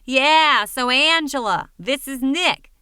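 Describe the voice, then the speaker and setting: A woman voicing a dim-witted young man with a high, nasal voice and a thick New England accent, drawling and halting on fillers in an audiobook reading. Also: expressive, pushed and bright, no echo, heavily acted. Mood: mocking.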